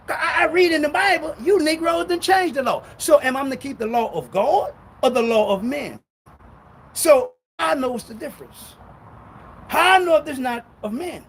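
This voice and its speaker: A man preaching a sermon in a loud, fiery way, swinging between shouting and low muttering. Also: expressive, normal speed, gravelly, a little hiss or hum, low-quality recording. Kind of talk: street-style sermon.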